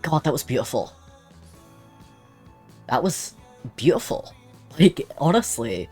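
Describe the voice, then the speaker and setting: A woman doing gaming commentary, moved and halting, repeating herself with emphasis. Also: low-pitched, big pitch swings, darkish tone, slightly rough, faint music behind. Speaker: let's player.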